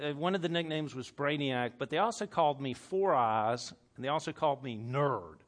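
A man's voice: fairly high pitch, a bit bright. A man preaching a sermon to a congregation, talking in a conversational way with stammered repeats and short laughs. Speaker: pastor. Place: room with a congregation.

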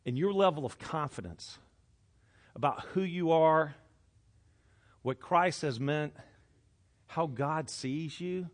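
A middle-aged man preaching a sermon, swinging from hushed, intimate passages to loud, animated outbursts. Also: on the high side, slow, long pauses. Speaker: pastor.

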